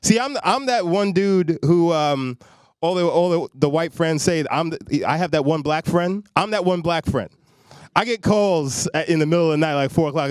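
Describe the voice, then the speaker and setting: A man's voice: fairly high pitch, moderate pace, smooth, dry recording, clean studio sound. A man from Long Island doing a stand-up comedy set, loose and conversational, talking straight to the crowd. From Long Island, New York. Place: comedy stage in a studio.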